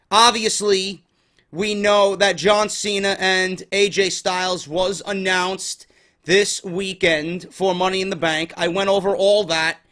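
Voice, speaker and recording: A man's voice: high voice, bright, forceful tone. A tired man hosting a wrestling podcast, ranting and cursing in exasperation. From New York. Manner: exasperated, swears constantly. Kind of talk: profane ranting commentary.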